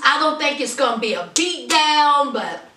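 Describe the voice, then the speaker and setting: A woman's voice: high voice, moderate pace, roomy sound, recorded from a distance, noisy background. A woman giving a sassy, mocking, casual comedic recap of a reality show. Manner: sassy, animated, mocking asides. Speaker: TV recap vlogger.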